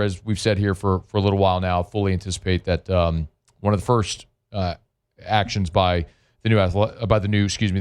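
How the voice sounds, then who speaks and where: Male sports radio host, lowish voice, loose talk full of fillers. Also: clear, resonant tone. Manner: conversational, frequent fillers and restarts.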